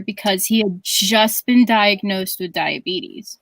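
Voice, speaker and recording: A woman's voice: mid-range voice, unhurried, fairly bright tone, no echo, poor audio. A woman co-hosting a stream, telling stories in a rambling, chatty way with many restarts. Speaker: stream co-host. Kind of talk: casual storytelling chat.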